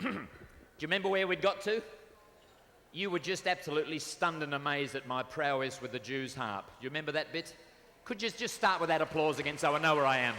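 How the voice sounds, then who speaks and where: A man's voice: fairly high pitch, a little fast, sharp tone, a little hiss or hum. An Australian man bantering cheekily with a live audience as a stage entertainer, on a stage microphone. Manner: cheeky, chatty, teasing the crowd. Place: stage at a fair venue before a live audience. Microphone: stage microphone on a cable. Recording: reverberant live venue with band music.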